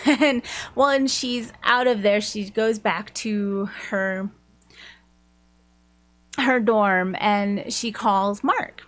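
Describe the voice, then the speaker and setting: A woman's voice: a little high, slow, fairly bright tone. A woman reviewing a book on her channel, retelling its plot in a loose, chatty way. She leans on "like" as a filler and keeps the telling casual and conversational. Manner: chatty, many filler likes.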